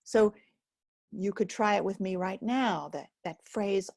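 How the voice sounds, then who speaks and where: A woman teaching an emotional healing method, speaking gently with long pauses. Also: mid-range voice, gravelly. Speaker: focusing teacher. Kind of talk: guided self-help teaching.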